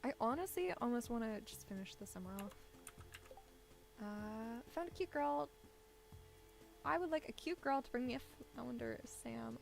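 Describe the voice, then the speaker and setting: Female game streamer, chatty and rambling, slight gravel in the voice. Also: fairly high pitch, lively intonation, moderate pace, long pauses, faint music behind. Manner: chatty, rambling, thinks out loud with little laughs. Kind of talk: casual gameplay commentary. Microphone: desk microphone set low.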